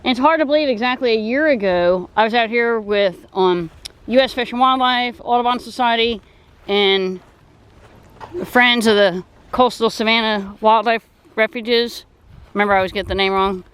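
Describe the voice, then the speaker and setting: A woman's voice: a little high, moderate pace, clean tone, poor audio. A woman vlogging outdoors by a pond, talking casually into a handheld camera as she walks, chatty and rambling, correcting herself as she goes. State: out of breath. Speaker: nature vlogger. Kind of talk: casual walking narration. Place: outdoors at a wildlife refuge pond.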